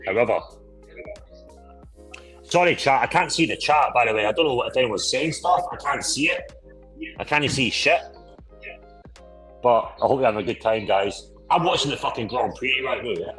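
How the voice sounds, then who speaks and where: A man's voice: medium pitch, lively intonation, moderate pace, long pauses, a bit bright, faint music behind, rough recording. A man hosting a casual drinking chat, boisterous and rambling with heavy swearing. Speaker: podcast host.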